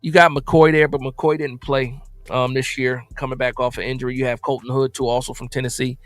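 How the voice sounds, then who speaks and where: A man's voice: mid-range voice, level tone, brisk, no echo. A man hosting a casual football recap livestream, reading viewer comments and answering emphatically, often repeating himself for emphasis. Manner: conversational, emphatic, repeats phrases. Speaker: livestream host reading chat.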